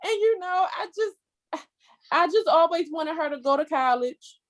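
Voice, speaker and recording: A woman in her thirties talks as a guest in a relaxed interview, her voice sitting high. She tells her story with feeling and acts out what others said to her. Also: normal speed, poor audio. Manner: emotional, expressive storytelling with quoted asides. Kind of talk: casual conversational interview.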